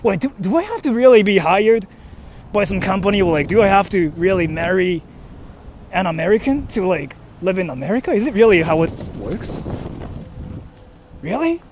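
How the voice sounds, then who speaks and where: A man's voice: high voice, animated, moderate pace, long pauses, a little mellow, slight background noise. A young man, a freelance translator and voice actor, chatting casually and rambling as he walks outdoors to a station, speaking into a handheld phone. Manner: rambling, with fillers and self-questioning. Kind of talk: casual vlog talk while walking. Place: outdoors on a street, walking to a station.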